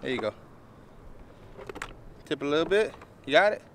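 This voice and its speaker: Excitable dad filming outdoors. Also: male voice, a little high, moderate pace, slight background noise. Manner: excitable, coaxing and protective. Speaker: father and vlogger. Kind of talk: casual outdoor vlog. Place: outdoors by a drained pond.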